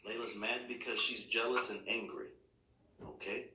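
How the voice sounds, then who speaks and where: Speaking as a father, a man has a serious heart-to-heart with his child, reassuring him patiently but firmly. His voice sits fairly low with fairly even intonation, a bright, forceful tone, and a normal pace. The mic is far off in an echoey room.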